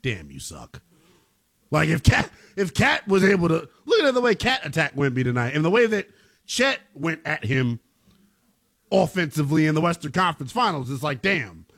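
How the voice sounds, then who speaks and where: A man's voice: a little high, fairly bright tone. A man co-hosting a sports talk show, arguing his takes in a slangy, emphatic way. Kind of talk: casual sports debate.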